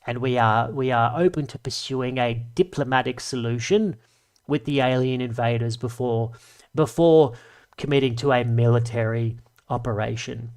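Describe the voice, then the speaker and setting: A man's voice: medium pitch, normal speed, a little mellow, smooth, natural voice. A man voicing an evasive male politician who reads out a formal press statement in a stiff, hedging official tone. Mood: stiffly official.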